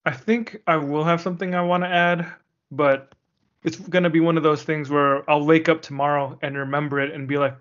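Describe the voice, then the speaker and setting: A man's voice: fairly high pitch, flat delivery, brisk, a bit bright, muffled recording. A man hosting a podcast in casual chat, easygoing and earnest. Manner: easygoing, earnest, signs off the show. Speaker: podcast host.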